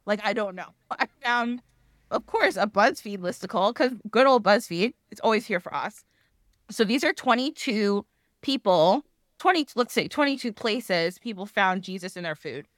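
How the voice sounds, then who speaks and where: A woman hosting a casual podcast, rambling and laughing as she goes. Her voice is fairly high and very animated. The sound is close and dry. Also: normal speed, dry recording. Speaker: podcast host. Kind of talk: casual chat.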